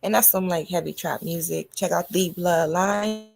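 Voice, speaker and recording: Woman, podcast host, comedic monologue, loud and animated, gravelly. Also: fairly low pitch, moderate pace. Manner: loud, animated, talking to listeners.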